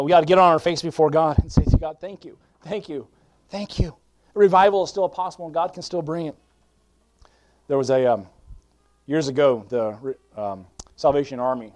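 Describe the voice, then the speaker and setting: A man preaching a sermon as pastor, pleading and fervent, quoting scripture, with frequent restarts and fillers. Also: medium pitch. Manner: pleading, swings from hushed to loud fervent preaching.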